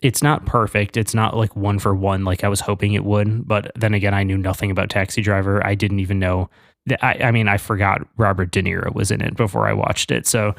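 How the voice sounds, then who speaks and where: Gravelly low-voiced man, podcast co-host. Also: little pitch movement, brisk, no echo, studio quality. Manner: enthusiastic, rambling with fillers. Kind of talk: casual chat.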